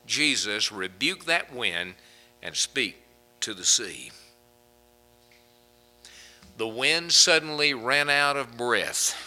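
A man's voice: medium pitch, pushed and bright, low-quality recording. A man preaching a sermon as pastor, folksy and conversational, chuckling between points.

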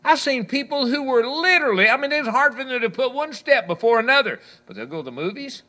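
A man preaching a sermon, quoting scripture and acting out people's complaints, swinging between loud proclamations and hushed asides. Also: very high voice, expressive, fast talker. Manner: preaching, quotes scripture, voices the complaints of listeners.

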